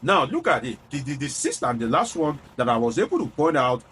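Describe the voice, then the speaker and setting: A man's voice: medium pitch, big pitch swings, a little fast, fairly bright tone, a little hiss or hum. A man with a Nigerian accent delivering political analysis to viewers, explaining point by point and repeating key figures for emphasis. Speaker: political commentator.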